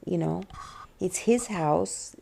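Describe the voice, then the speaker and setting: A middle-aged woman talking about her life in a rambling, halting way, near tears, full of restarts and fillers. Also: on the low side, creaky, mellow, husky. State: tearful, on the verge of crying. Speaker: vlogger. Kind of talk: personal confessional vlog, soft-spoken.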